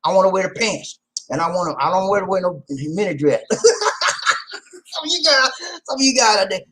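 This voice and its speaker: A man hosting a casual advice talk, animated and preachy, with slang and loud laughs at his own jokes. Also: sits high, normal speed, rough recording. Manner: slangy, repeats "man" and "okay". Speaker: vlog host.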